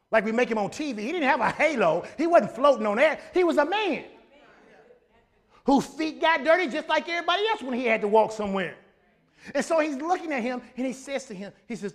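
A man preaching a sermon in a lively, folksy style, building up to shouts. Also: very high voice. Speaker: pastor.

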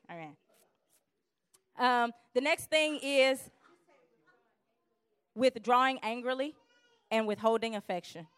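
A woman giving a lively church teaching on conflict, acting out quarrels in quick voices. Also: high-pitched, no room sound.

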